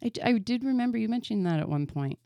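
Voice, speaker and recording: Animated woman hosting a casual chat. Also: a little high, very fast, creaky, dry recording. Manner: teasing, laughs often. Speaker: podcast host.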